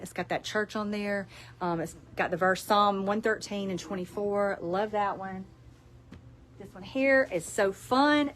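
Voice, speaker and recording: A woman with a Southern US Alabama accent, a shop owner hosting a casual livestream product showcase, chatty and folksy, laughing often and reading sayings aloud, in a retail store. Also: mid-range voice.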